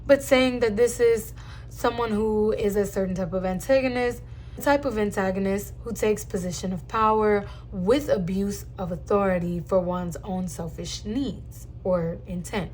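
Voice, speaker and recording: A woman's voice: mid-range voice, a little mellow, slight background noise. A young woman giving a channeled tarot reading to her viewers, speaking earnestly and emphatically and drawing out her words. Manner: earnest, emphatic, drawn-out spiritual talk; addresses viewers as "guys". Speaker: tarot reader.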